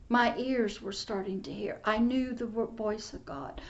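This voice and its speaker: Woman preacher telling her testimony, slow, breathy whispers, kinda muffled recording. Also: a little high. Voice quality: soft, often whispered, emotional delivery. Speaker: pastor and teacher. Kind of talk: sermon-like spiritual testimony.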